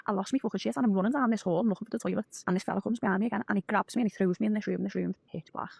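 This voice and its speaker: Fast-talking sweary Scouse woman. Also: mid-range voice, gravelly, slightly rough, no echo. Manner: blunt, sweary, animated retelling. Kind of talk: casual storytelling.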